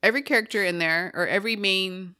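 A woman co-hosting a podcast with a bright, forward voice that sounds dry and close. She talks casually, with chatty, playful asides. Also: medium pitch, quick pace, no echo. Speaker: podcast co-host. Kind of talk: casual chat.

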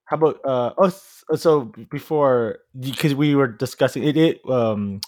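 A man's voice: mid-range voice, moderate pace, darkish tone. A man co-hosting a casual podcast, inquisitive and steering the discussion with questions. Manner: inquisitive, laughs often, leads discussion. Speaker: podcast co-host. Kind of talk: casual chat.

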